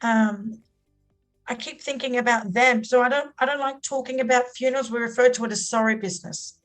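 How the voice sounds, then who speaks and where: An earnest middle-aged woman from Australia, talking as a podcast guest in a voice that sits a little high. She speaks with heartfelt emphasis, and soft music plays faintly under her. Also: steady tone, a little fast, low-quality recording. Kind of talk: podcast interview.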